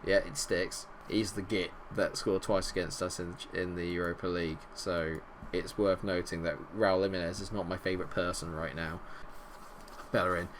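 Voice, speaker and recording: A man commentating on his own football management game, animated and bursting into shouts at goals, a little unwell. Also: deep voice, normal speed, a little hiss or hum. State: unwell, not feeling great. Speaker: gaming video host.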